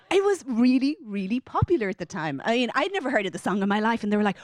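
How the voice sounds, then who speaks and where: Irish woman telling a story on stage, animated, dry close mic. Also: a little fast, no echo. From Ireland. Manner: lively, animated, acts out quoted lines in a higher voice. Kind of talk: personal story told to a live audience.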